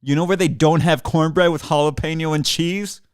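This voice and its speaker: A man's voice: a little high, fairly even intonation, normal speed, smooth, no room sound. A man ranting at the listeners in a solo podcast, sarcastic and profane, talking into a desk mic in a small studio. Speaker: podcast host. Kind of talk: ranting monologue. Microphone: desk mic in front of a computer.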